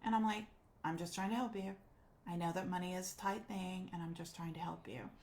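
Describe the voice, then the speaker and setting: A woman life coach telling a personal story, animated and acting out the voices she quotes. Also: fairly low pitch, brisk, slight background noise.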